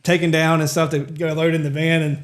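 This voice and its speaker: A man's voice: a little high, level tone, brisk, a little hiss or hum. A man co-hosting a casual podcast, telling a self-deprecating story with lots of fillers. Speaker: podcast co-host, worship ministry member.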